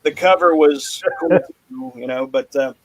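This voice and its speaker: A man with a fairly high voice hosts a podcast in loose, rambling chat. He jokes his way through the banter. The sound is dry and close, with no room around him. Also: unhurried, dry recording, rough recording. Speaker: podcast host. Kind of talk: casual chat.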